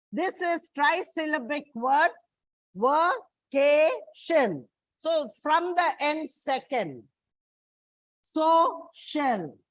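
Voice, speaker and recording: Slow high-voiced woman teacher spelling words. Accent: Indian English. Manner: slow, deliberate, repeats and spells out words letter by letter. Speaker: English teacher. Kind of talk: slow spelled-out classroom lesson. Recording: dull, muffled lo-fi recording.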